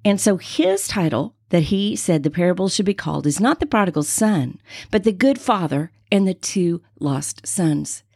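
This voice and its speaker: Animated woman in her sixties. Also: lowish voice, moderate pace, no echo, clean studio sound. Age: 60s. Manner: animated personal storytelling. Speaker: podcast host. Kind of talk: faith-based podcast monologue.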